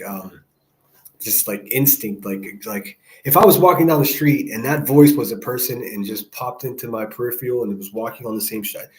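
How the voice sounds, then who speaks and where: A man's voice: mid-range voice, darkish tone. A man hosting a livestream, giving blunt, rambling commentary full of swearing. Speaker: livestream host. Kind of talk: profane casual commentary.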